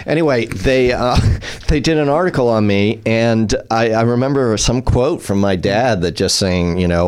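A man's voice: medium pitch, moderate pace, few pauses, clear, resonant tone. A man in his sixties, a comedian guest in a casual interview, dry and self-mocking, often chuckling as he talks. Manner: dry, self-deprecating, often laughing while talking.

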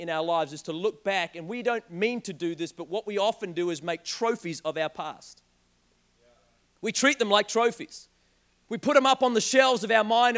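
A young man preaching a sermon, telling a joking personal story in an animated way. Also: sits high. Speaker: pastor.

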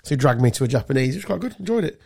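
A man from England co-hosting a podcast, telling animated, sweary travel stories in casual chat. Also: mid-range voice, racing, vocal fry, slightly rough. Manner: swearing storyteller, animated anecdotes. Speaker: podcast co-host.

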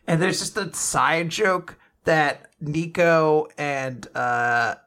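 Bright-voiced man recapping with laughs. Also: a little high, very slow, smooth. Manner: laughing, profane, animated retelling. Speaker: podcast co-host. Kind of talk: casual chat, recapping a manga chapter.

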